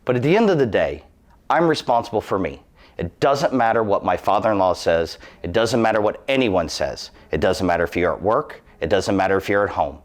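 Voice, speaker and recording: Low-pitched man in his thirties, earnest and cautionary, sharing a personal safety story. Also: lively intonation, fairly quick. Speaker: employee giving a safety testimonial.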